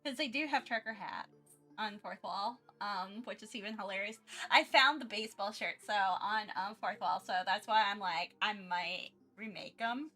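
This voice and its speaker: A woman's voice: medium pitch, normal speed, bright, forceful tone, faint music behind. A woman streamer chatting casually during her art livestream, rambling with many restarts and frequent giggles.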